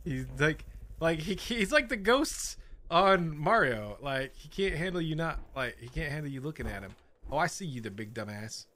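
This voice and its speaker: A man's voice: a little high, lively intonation, normal speed, bright, forceful tone. A man playing a horror game, nervously commenting, laughing and swearing as he goes. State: scared, on edge. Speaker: gaming channel host.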